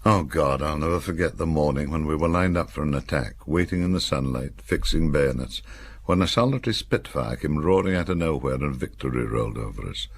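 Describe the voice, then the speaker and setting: An older man from Cumbria reads his own memoir aloud, wry and dry-humoured. His voice is extremely deep and gravelly, with a husky grain, yet it moves lively through the lines. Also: a little fast. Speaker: author reading his memoir. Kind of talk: audiobook memoir narration.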